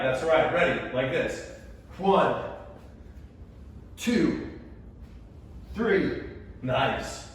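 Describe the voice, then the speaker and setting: A young man teaching an energetic class, counting reps aloud and checking in with "all right?" throughout. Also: a little high, very slow, pauses often, distant mic. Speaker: PE teacher leading a workout and recipe. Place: indoors, gym then home kitchen. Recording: very echoey room, voice a bit off-mic.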